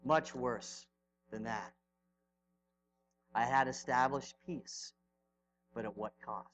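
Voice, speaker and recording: A middle-aged male pastor preaching a sermon, telling stories with sudden swings from loud to hushed. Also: medium pitch, slow, soft background music, rough recording.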